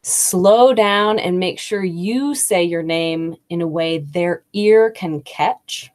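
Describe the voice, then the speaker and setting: A woman with a slightly low voice hosts a live business English lesson. She talks in a friendly way and explains things patiently, often with examples. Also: slow pace, a little mellow. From United States. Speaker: English teacher and host. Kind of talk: live-streamed teaching talk.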